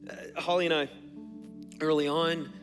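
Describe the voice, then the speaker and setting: A man preaching a sermon in a church auditorium, earnest, swinging between hushed moments and emphatic bursts. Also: a little high, level tone, unhurried. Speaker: pastor. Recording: long hall reverb with faint music.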